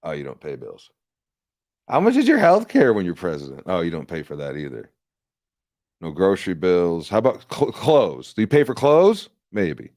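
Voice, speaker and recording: A man's voice: sits low, huge pitch swings, normal speed, a little mellow, no echo, clean studio sound. A man hosting a livestream, ranting in a rambling, profane and sarcastic casual way. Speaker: livestream host and candidate.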